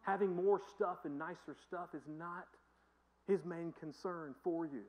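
High-voiced man preaching conversationally. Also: unhurried, highs cut off. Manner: conversational, emphatic storytelling preacher. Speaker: pastor. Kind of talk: sermon. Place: church.

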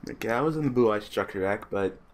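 A man's voice: lowish voice, quick pace. A man giving casual, mumbled commentary while playing an online card game, swearing and getting exasperated with his opponent. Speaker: gaming YouTuber.

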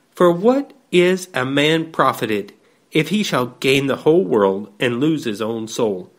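Man, preacher, devotional sermon, slow measured delivery, mid-pitched voice. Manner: slow, measured reading with scripture quotes.

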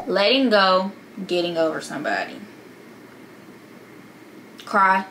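A woman's voice: mid-range voice, big pitch swings, takes it slowly, long pauses, background noise. A young woman vlogger giving casual, sassy advice straight to her viewers in slangy talk.

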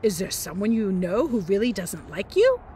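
A woman reading aloud, voicing a blunt male electrician who speaks slowly. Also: medium pitch, very animated, warm tone, slight background noise, natural voice. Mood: grumbling.

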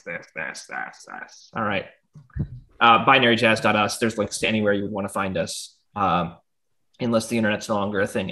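A man co-hosting a casual podcast, rambling and self-deprecating, often trailing off into a quiet mumble. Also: on the low side. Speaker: podcast co-host. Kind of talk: casual chat.

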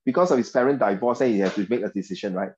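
A man's voice: fairly low pitch, racing, a little mellow, a little hiss or hum. Singaporean guy tutoring english, talky, keeps saying okay and right, kinda muffled. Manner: chatty, mixes in Mandarin, frequent okay and right. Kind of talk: online class teaching.

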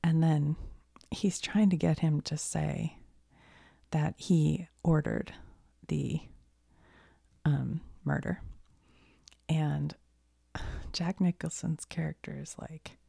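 A woman with a cold speaks in a soft-spoken ASMR way, often slipping into a whisper. Her voice is low and deeply gravelly with a husky, dark tone, close and dry on the mic. She rambles gently and corrects herself as she talks. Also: fairly even intonation, takes it slowly, long pauses, no echo. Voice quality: soft, breathy whisper drifting in and out. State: has a cold. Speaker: ASMR creator.

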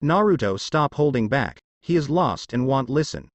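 A man's voice: medium pitch, lively intonation, normal speed, no room sound, highs cut off, close to an everyday voice. A man voicing a cautious female earth spirit. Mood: urging.

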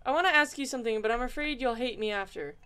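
A woman reading aloud the chat lines of a sad young woman after a breakup, in a soft, plain reading voice. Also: on the high side, fast talker, loud music behind the voice, close to an everyday voice. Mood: wistful. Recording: typing and clicks behind voice.

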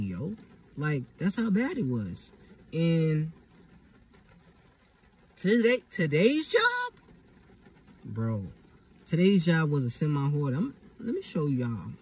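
A man's voice: on the high side, sing-song, normal speed, a little mellow, breathy edge, recorded from a distance. A young man talking in a casual vlog monologue, emphatic and profane, full of street slang. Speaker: vlogger.

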